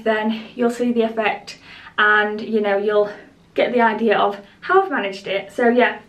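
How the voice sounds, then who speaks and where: A woman's voice: on the high side, fairly bright tone. A woman beauty vlogger chatting to her viewers at home, rambling a little and a bit out of breath. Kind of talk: casual chat to camera. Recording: roomy echo, voice a bit distant from the mic.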